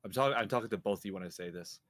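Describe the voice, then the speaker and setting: A man's voice: lowish voice, rapid-fire, a bit bright. A young man co-hosting a casual gaming chat, teasing his co-hosts in a playful, mock-stern way. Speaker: podcast co-host.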